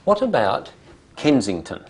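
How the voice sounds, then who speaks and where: With a medium-pitched, sing-song voice, a language teacher explains syllable stress to a class. She models words slowly and deliberately and prompts students with short questions.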